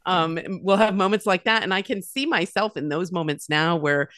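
A woman's voice: fairly low pitch, moderate pace, no room sound, studio quality. A woman in her fifties, a mother with grown children, telling stories in casual conversation, often acting out what others said. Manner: warm storyteller, lively quoted voices, many restarts. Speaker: podcast guest.

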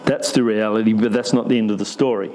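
A man's voice: on the low side, fairly even intonation, fast, darkish tone, slight background noise, poor audio. A man preaching a conversational sermon in church, asking the congregation questions with light humour.

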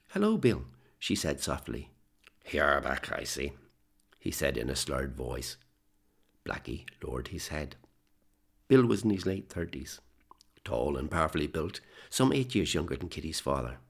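Male audiobook narrator, very deep and gravelly, husky tone, measured storytelling. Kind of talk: scripted narration.

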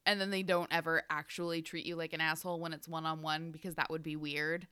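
A woman co-hosting a podcast in casual chat, blunt and profane, riffing on the story with quick reactions. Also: sits low, little pitch movement, bright, forceful tone, smooth, no echo. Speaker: podcast co-host.

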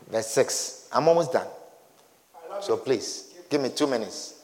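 A man preaching a sermon in an emphatic, repetitive style that builds to shouts. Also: medium pitch. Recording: reverberant hall.

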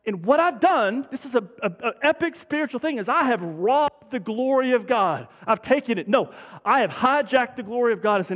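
A male pastor with a high voice delivers a conversational sermon and drives home his points by repeating them. His voice carries a long reverb from the church hall. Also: animated, fairly quick, a bit bright. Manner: conversational preaching with emphatic repetition.

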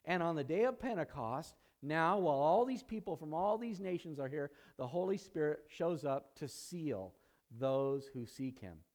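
Higher-voiced man preaching a sermon. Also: normal speed. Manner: conversational teaching with asides, rises in pitch and volume when excited. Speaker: pastor. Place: church sanctuary.

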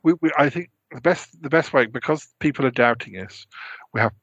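A man's voice: medium pitch, a little fast, a bit bright, breathy edge, no echo, muffled recording. A British man hosting a podcast and acting in an improvised comedy sketch, talking hesitantly with lots of restarts. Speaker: podcast host.

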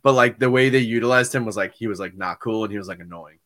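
A young man co-hosting a podcast in casual chat, excitable and quick to laugh. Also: on the low side. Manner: animated and excitable, laughs easily. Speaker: podcast co-host.

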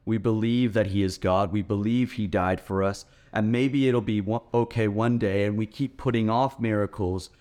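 A male pastor with a fairly low voice preaches a sermon earnestly and emphatically, driving each point home.

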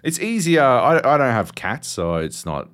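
An Australian man in his thirties co-hosting a casual podcast chat. He tells stories with lots of swearing. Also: moderate pace. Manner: animated, swearing storyteller, jumps high in pitch for quoted outbursts. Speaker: podcast co-host.

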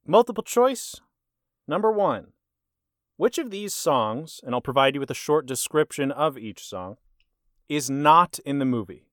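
A man hosting a casual movie quiz. He reads the answer options deliberately and teases his guest. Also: mid-range voice, animated, a bit bright, dry recording, clean studio sound. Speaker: quiz host. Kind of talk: casual podcast chat.

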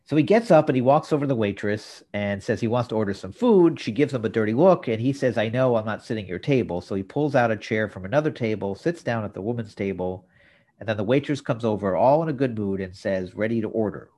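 A man's voice: lowish voice, expressive, fast talker, dark tone. A man co-hosting a podcast, retelling a sitcom episode's plot in detail with dry asides. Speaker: podcast co-host. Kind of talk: casual episode recap.

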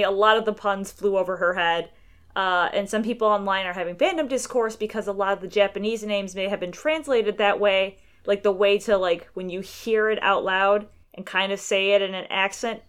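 Here is a woman co-hosting a laid-back podcast, her voice sitting at an ordinary pitch for a woman. She reads a listener's email aloud, loose and chatty, filling the gaps with lots of ums and uhs. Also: steady tone, moderate pace, a bit bright, clean tone. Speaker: podcast co-host. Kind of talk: casual chat.

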